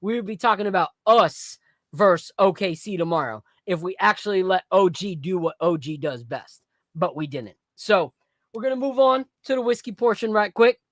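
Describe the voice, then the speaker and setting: A podcast host in casual chat about basketball and whiskey, blunt and animated, with plenty of slang. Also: mid-range voice, normal speed, no echo, clean studio sound.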